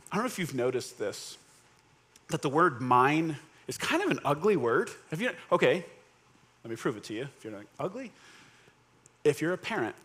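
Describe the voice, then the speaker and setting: A male pastor preaching a conversational sermon, joking and checking in with the crowd, jumping between animated bursts and quiet, low emphasis. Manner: casual, joking, keeps checking in with "right?".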